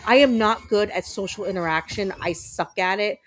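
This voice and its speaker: A woman's voice: medium pitch, normal speed, low-quality recording. A woman streamer chatting casually with her viewers while playing a video game, upbeat and full of ums. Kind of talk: casual chat while gaming.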